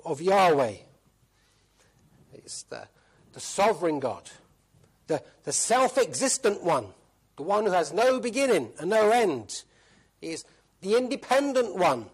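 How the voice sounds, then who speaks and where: A man's voice: a little high, breathy edge. A man preaching a sermon, emphatic, repeating key phrases and asking rhetorical questions.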